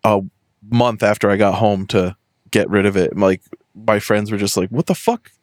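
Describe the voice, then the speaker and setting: A young man from Western Massachusetts, a podcast host who tells animated stories and swears freely in casual chat. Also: fairly low pitch, moderate pace, no room sound, clean studio sound.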